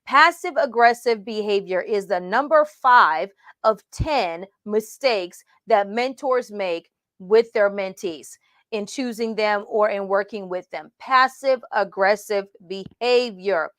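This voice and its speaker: A middle-aged woman teaching mentors about leadership mistakes in an emphatic, animated way, acting out the voices she quotes. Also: mid-range voice, slow, no echo, studio quality. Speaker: ministry mentor trainer.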